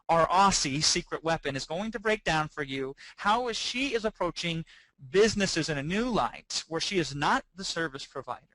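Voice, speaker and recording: A man's voice: fairly high pitch, pushed and bright, dry recording, low-quality recording. A man, a company CEO, introducing a webinar in a jokey, salesy way.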